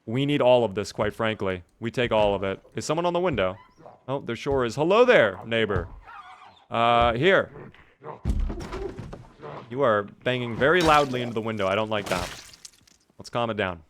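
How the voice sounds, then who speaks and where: A man's voice: mid-range voice, expressive, normal speed, long pauses, fairly bright tone, a little hiss or hum. A man giving casual, jokey live-stream commentary over a game, chatting with and thanking his viewers.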